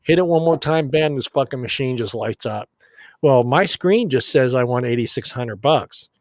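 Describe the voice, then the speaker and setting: A middle-aged man spins a story on a casual podcast. He is animated, swears often and acts out the other people's lines. His voice sits in a middle range and sounds dry and close. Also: medium pitch, moderate pace, no echo. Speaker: podcast co-host.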